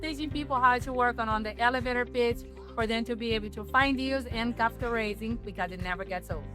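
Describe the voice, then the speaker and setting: A woman's voice: fairly high pitch, quick pace, music in the background. A woman co-hosting a workshop, chatting in an upbeat, bubbly way. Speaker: workshop co-host. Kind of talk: casual chat.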